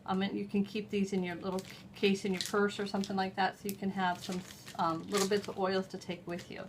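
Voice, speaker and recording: A middle-aged woman at a middle pitch talks through a hands-on demonstration, chatty and homey as she explains each step while working. A faint noise sits under her voice. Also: flat delivery, fast. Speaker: host.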